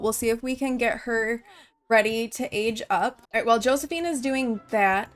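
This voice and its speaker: A woman hosting a game video, chatting casually and explaining each step aloud as she plays. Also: on the high side. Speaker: gaming channel host. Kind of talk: let's-play commentary.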